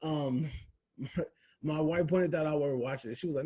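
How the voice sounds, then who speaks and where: A man's voice: medium pitch, steady tone, moderate pace, pauses often, a little mellow, breathy edge. A young man giving a casual, profane, rambling film review full of slang.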